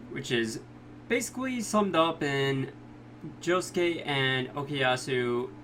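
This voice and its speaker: Man, casual anime recap, slow-paced, easygoing, light hum in background. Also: mid-range voice, bright, forceful tone. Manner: laid-back, chuckling, slips into exaggerated quoted voices. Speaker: anime reviewer.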